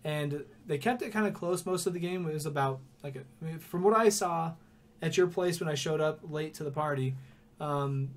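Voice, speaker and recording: A man's voice: a little high, normal speed. A young man co-hosting a casual sports podcast, rambling through stories and laughing often. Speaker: podcast co-host.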